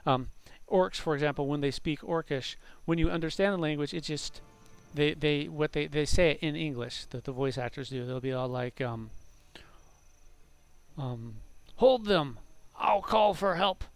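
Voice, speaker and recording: A man's voice: on the high side, fairly even intonation, moderate pace, hardly any pauses, clean tone. A man rambling through gameplay commentary, talking to himself, mocking his own mistakes and swearing at the game. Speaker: game streamer.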